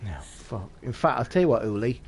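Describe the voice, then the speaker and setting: A man's voice: mid-range voice, lively intonation, fairly quick, darkish tone, slight background noise. A man streaming a game live, chatting casually to his viewers and swearing constantly as he plays. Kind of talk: casual live gameplay commentary.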